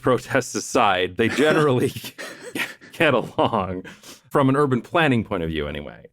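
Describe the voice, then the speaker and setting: A man hosting a podcast, explaining his points in a measured, chatty way and laughing between them. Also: deep voice, no room sound, studio quality. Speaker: podcast host. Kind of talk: casual interview chat.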